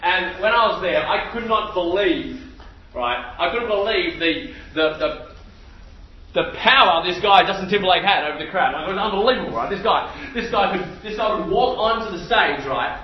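A man in his thirties delivers a sermon in a high, animated voice, piling up repeated phrases as he tells a story. The sound is roomy, with a slightly dull tone and a faint background hiss. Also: moderate pace. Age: 30s. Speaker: preacher.

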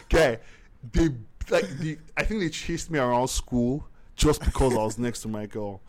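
A man telling a long story on a casual podcast, animated, laughing often and full of slang. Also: medium pitch, moderate pace. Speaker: podcast host.

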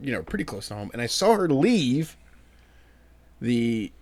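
Lively Southern man telling a story. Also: medium pitch, measured pace. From Southern United States. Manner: animated storyteller who acts out quotes. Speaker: podcast co-host. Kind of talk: casual chat, storytelling.

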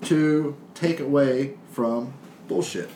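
A man co-hosting a podcast, talking in a blunt, emphatic, profane way at an everyday pitch. His voice carries a roomy echo with a faint hiss behind it. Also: slow, dark tone. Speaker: podcast co-host. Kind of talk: casual chat.

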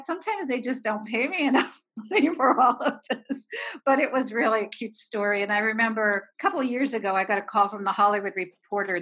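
A woman in her sixties from Erie, a film producer telling behind-the-scenes stories as an interview guest. She is lively and breaks into laughter often. Her pitch and pace are ordinary. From Erie, Pennsylvania. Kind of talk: anecdotal storytelling.

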